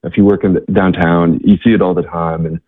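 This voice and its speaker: Low-voiced man on a tinny phone-like line. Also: level tone, dry recording. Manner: halting, with many fillers and repeated words. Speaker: guest, charity worker. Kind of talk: casual interview storytelling.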